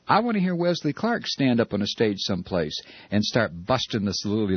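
A man's voice: lowish voice, creaky, husky, dry recording, muffled recording. A man hosting a talk radio show, delivering a heated, sarcastic opinion monologue.

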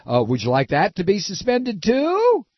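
A man's voice: high-pitched, wildly swooping pitch, normal speed, no echo. Sarcastic, ranting male talk host. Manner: sarcastic, scornful, mocking. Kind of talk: political commentary rant. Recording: dull lo-fi dry recording.

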